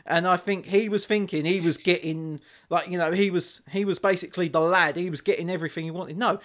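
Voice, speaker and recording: A man's voice: high-pitched, fairly even intonation, fairly quick, fairly bright tone. A man co-hosting a podcast, telling a story in a rambling way, full of fillers and restarts. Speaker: podcast co-host. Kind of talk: casual chat.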